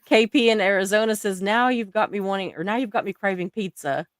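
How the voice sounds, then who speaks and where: A woman's voice: medium pitch, fairly quick, no room sound, clean studio sound. A woman with an accent hosting a live stream, reading viewer comments aloud and laughing often. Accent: non-native English accent.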